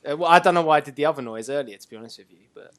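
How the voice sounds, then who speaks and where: A man's voice: a little high, rapid-fire, a bit bright. A man joking and teasing friends in a casual podcast chat.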